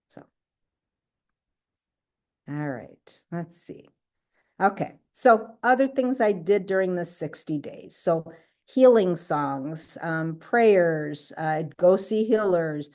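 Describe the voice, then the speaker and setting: A woman with a warm voice on the low side chats over a video call about her own healing. Her manner is easygoing, and she frequently checks in with the listener with a "right?"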